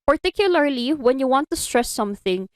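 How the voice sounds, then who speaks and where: A woman's voice: high-pitched, animated, fairly quick, clear, resonant tone, dry recording. A woman with a Filipino accent giving an animation lecture in an online class, explaining step by step and slipping Tagalog phrases into her English. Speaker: animation instructor. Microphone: computer mic on a video call.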